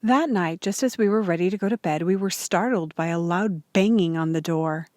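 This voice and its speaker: A woman reading a children's chapter book aloud in a steady, clear storytelling voice. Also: on the low side, moderate pace, dry recording, studio quality. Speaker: audiobook reader.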